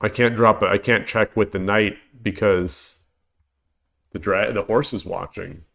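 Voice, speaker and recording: A man's voice: fairly low pitch, fairly even intonation, a little slow, creaky, fairly bright tone. A man with a head cold and a congested voice, streaming live and thinking aloud as he works through board-game puzzles in a hesitant, self-correcting mutter. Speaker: shogi streamer.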